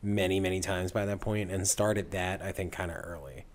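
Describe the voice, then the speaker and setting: Hesitant, low-voiced man chatting. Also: steady tone, moderate pace. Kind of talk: casual banter.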